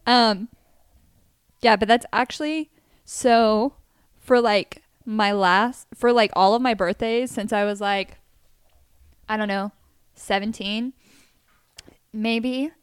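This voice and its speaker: A young woman chats casually with her sister and tells animated stories, breaking into laughter as she goes. Her voice is dry and close, with no room sound around it. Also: a little high, takes it slowly, long pauses, smooth, no echo. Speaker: co-host sister. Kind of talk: casual chat.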